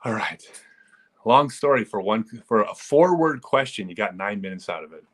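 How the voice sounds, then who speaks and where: Animated man telling stories on a live stream. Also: fairly low pitch, normal speed. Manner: animated storyteller who chuckles and acts out quotes. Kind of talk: casual live-stream storytelling.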